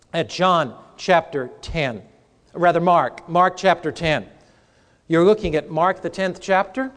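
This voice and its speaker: A man, a pastor, teaching a sermon class and asking the audience questions. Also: sits high. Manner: animated, asks the audience questions. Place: hall with a live audience.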